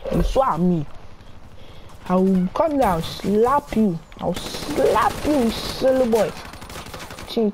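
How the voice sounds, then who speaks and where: A woman's voice: mid-range voice, noisy background. A woman with a Nigerian accent trash-talking in game voice chat, scolding and repeating herself. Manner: scolding, repetitive, threatening to slap. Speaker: gamer in voice chat.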